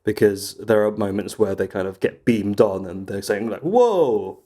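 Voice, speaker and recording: A man's voice: fairly low pitch, flat delivery, moderate pace, mellow. A man co-hosting a casual podcast chat, rambling through stories and laughing often. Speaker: podcast co-host.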